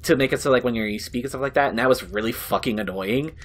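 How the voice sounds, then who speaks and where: A man's voice: medium pitch, fast, fairly bright tone. A man casually chatting and joking while watching a game being played, swearing freely, laughing often and trailing off into fillers. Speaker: co-commentator on a game playthrough. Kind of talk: casual gaming banter.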